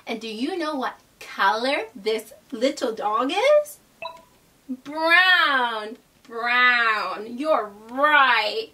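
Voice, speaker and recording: A young woman hosts a learning video for toddlers, her voice high, bright and swooping through a wide, sing-song range. She speaks with gentle, exaggerated cheer, gasping and mimicking animal sounds, and sounds a little distant from the microphone. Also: animated, very slow, faint music behind. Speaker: children's educational video host.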